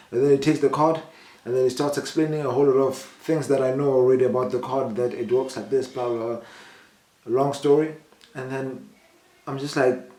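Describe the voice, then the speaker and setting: A man's voice: moderate pace, echoey room. A young man from South Africa telling personal stories to camera in a casual vlog, acting out the people he quotes with a raised voice. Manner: animated retelling, voices the people he quotes with rising pitch. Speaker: vlogger.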